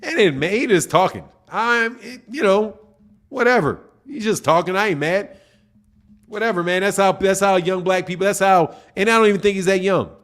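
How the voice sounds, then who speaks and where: A man's voice: sits high, normal speed, fairly bright tone. A middle-aged man hosting a boxing channel, chatting loosely with his live viewers in slang and joking back at the comments. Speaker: boxing channel host reading live chat. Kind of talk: casual live-stream chat.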